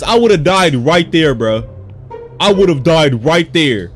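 A man playing a horror game and reacting out loud. He talks in a slangy, jumpy way and shouts and yelps whenever something startles him. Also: fairly high pitch, lively intonation, measured pace, faint music behind. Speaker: gaming video creator.

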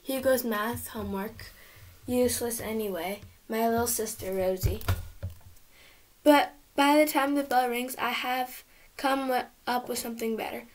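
A woman reading a children's chapter book aloud in a lively, expressive storytelling manner. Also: on the high side, unhurried. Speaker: storybook reader.

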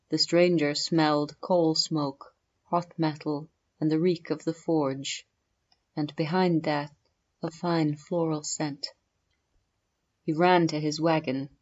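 Brief: female audiobook narrator, deep low register, steady storytelling pace, dull lo-fi sound. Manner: measured storytelling delivery.

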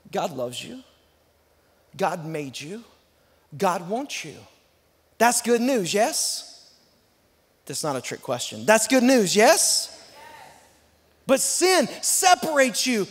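A man preaching a sermon as a guest pastor, with emphatic repeated refrains and sudden loud peaks. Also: high voice. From Texas. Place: church auditorium. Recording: long reverb of a church hall.

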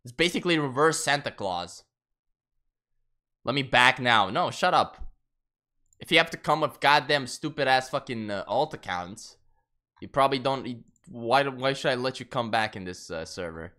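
A man streaming a game who talks in a bright, edgy tone, his pitch swinging widely. He rants and swears in casual exasperation while he chats with viewers. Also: expressive, normal speed. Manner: profane, exasperated ranting with laughter. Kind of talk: casual gaming stream chat.

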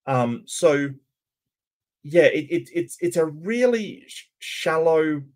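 A man's voice: fairly high pitch, animated, slow pace. Hesitant man giving casual commentary. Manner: hesitant, many stammered restarts and ums. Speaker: channel host reacting to cartoon clips.

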